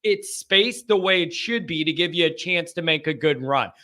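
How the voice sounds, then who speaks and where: Male call-in show host with a higher pitch and a sharp, forceful tone, animated and joking. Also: moderate pace. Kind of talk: live call-in fan chat.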